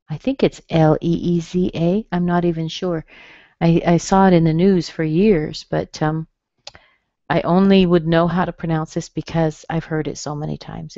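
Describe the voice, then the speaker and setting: A woman leads a pronunciation webinar, breaking each word into its syllables and slowing down on the examples. Her voice sits a little low for a woman. The recording is dry and slightly muffled, like a computer mic. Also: dark tone, no room sound. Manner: explains patiently, sounds out syllables. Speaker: pronunciation teacher. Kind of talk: webinar lesson.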